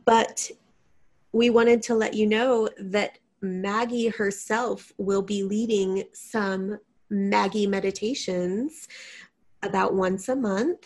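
A woman voicing a chatty female house cat who hosts a podcast, bubbly and rambling. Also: medium pitch. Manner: bubbly, rambling, self-interrupting. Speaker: podcast host. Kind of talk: casual chat.

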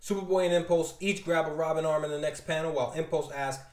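A man's voice: fairly high pitch, steady tone, fast, darkish tone. A man recapping and reviewing a comic book issue with enthusiasm and wry asides. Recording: roomy echo.

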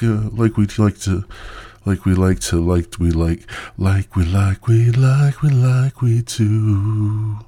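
A man's voice: lowish voice, steady tone, slow, warm tone. A stoned man hosting his own podcast in a crude, rambling monologue that loses its thread. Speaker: podcast host.

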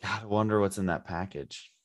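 Podcast co-host, man, very low voice, hesitant and musing. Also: brisk. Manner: musing, hesitant, full of fillers. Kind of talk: casual book-discussion chat.

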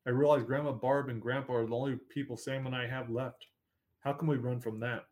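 A man narrating a first-person story in a measured, steady reading voice. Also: mid-range voice. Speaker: audiobook narrator.

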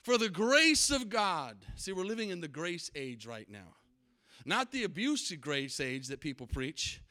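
A man preaching a sermon, emphatic, repeating key words and building to loud climaxes. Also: a little high, sing-song, a little slow. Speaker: pastor.

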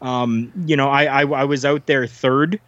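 A man's voice: mid-range voice, fairly even intonation, a little slow, a bit bright, no room sound, lo-fi sound. A man from Canada, a former wrestler, telling long rambling stories on a podcast with lots of fillers and restarts, acting out what others said. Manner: rambling anecdotes with many fillers and restarts, acting out quoted voices. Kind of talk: casual storytelling.

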